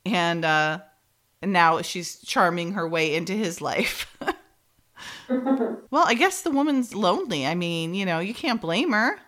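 A woman's voice: lowish voice, unhurried. A woman co-hosting a podcast, chatting through an episode recap with lots of laughs and fillers. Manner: animated, giggly, many fillers. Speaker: podcast co-host.

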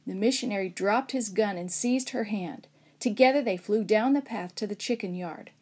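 A woman narrating a children's Bible story aloud, lively and expressive, raising her voice for shouted lines. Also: mid-range voice, normal speed, husky. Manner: expressive, acts out shouts and whispers.

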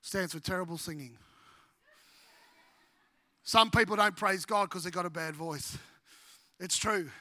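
A middle-aged Australian man, a pastor preaching a sermon with humorous, animated storytelling. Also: sits high, no room sound.

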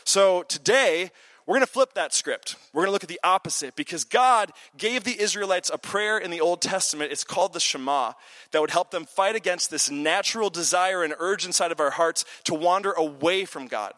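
A man preaching a sermon in a lively, conversational way, talking to his congregation. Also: high voice, normal speed. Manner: energetic, conversational preaching with audience asides. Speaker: pastor. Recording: long hall reverb.

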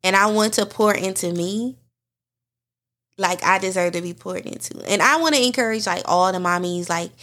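A woman's voice: medium pitch, moderate pace, a bit bright. A woman hosting a podcast, speaking heartfelt and candid, addressing her listeners directly in a personal monologue. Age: adult mother. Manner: heartfelt, talks straight to listeners. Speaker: podcast host.

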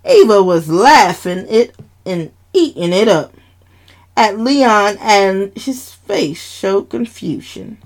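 A woman reading a dramatic family story aloud in an unhurried, expressive storytelling manner. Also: medium pitch.

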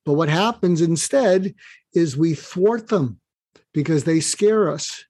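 An older man appears as a guest author in an interview, explaining advice animatedly and acting out snippets of dialogue. He speaks slowly in a fairly high voice, and there's no echo.

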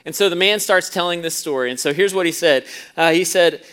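A man preaching a sermon to a congregation, telling a story with the voices of its people and moving between soft, low passages and loud, emphatic ones. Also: brisk, clean tone. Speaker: pastor.

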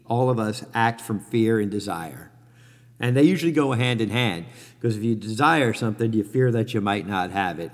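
Middle-aged guy rambling honestly about life, lots of "you know", voice has a long echo like a hall. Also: mid-range voice. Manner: rambling, candid, many fillers and self-corrections. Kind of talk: reflective personal monologue.

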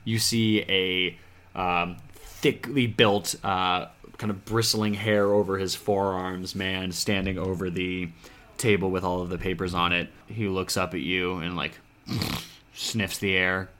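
A man's voice: deep voice, level tone, slow pace, fairly bright tone. A man running a tabletop game as game master, narrating in a laid-back, rambling way with many fillers.

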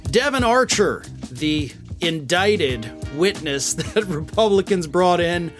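A man's voice: high voice, expressive, takes it slowly, music in the background. A man hosting a political commentary show, talking in a sarcastic, exasperated way. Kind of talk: opinionated commentary monologue.

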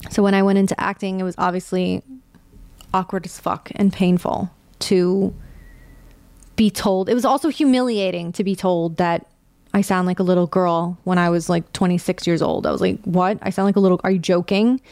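A young adult woman hosting her own podcast, talking candidly and casually, with a light vocal fry and the odd curse word. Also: fairly low pitch, fairly even intonation, normal speed, darkish tone, dry recording. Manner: candid, conversational, swears casually. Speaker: podcast host. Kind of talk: personal podcast monologue.

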